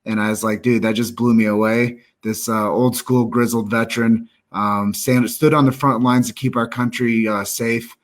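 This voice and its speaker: A man's voice: medium pitch, flat delivery, moderate pace, hardly any pauses. A man hosting a live stream, speaking earnestly and upbeat, addressing viewers directly. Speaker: live show host. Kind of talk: casual live-stream chat.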